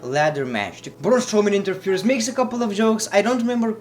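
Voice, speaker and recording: A man's voice: high voice, sing-song, brisk, soft background music. A man reviewing wrestling in a blunt, sarcastic, profane way, casual vlog style.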